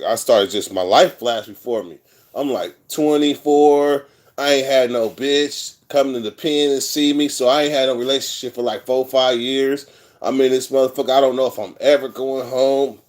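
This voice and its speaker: A man's voice: mid-range voice, a little mellow. Middle-aged man, rambling, candid, swearing freely, casual storytelling. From California. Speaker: vlogger telling prison stories.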